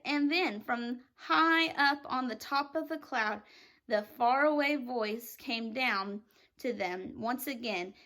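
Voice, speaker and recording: A woman teacher reading a children's storybook aloud in an expressive, dramatic way. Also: fairly high pitch.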